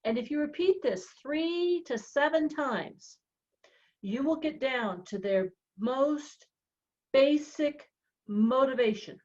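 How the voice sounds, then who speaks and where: A woman real estate coach explaining a coaching method in an animated, chatty way. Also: sits high, slow pace. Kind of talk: coaching talk on a podcast. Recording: dull lo-fi sound.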